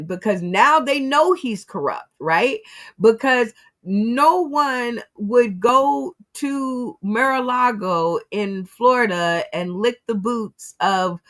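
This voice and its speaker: A woman with a medium-pitched, fairly bright voice hosts a casual commentary show. She shares her opinions on the news, addressing her audience directly.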